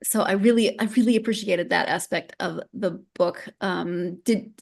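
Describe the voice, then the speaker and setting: A woman's voice: on the low side, normal speed, creaky. A woman hosting a podcast interview, chatty and casual, often restarting her sentences. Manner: chatty, with frequent restarts and laughs. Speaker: podcast host.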